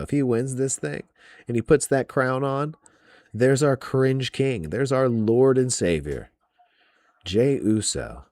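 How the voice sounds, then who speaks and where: A man's voice: medium pitch, lively intonation, slow, a little mellow, no echo. A man hosting a wrestling podcast, ranting about match predictions in a profane, exasperated way.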